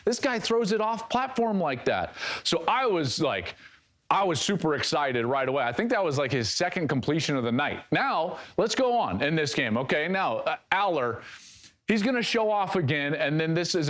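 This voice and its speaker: An excitable male football analyst talks through game film, and he keeps bursting into exclamations. His voice sits high for a man and swings widely up and down as he gets worked up. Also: moderate pace.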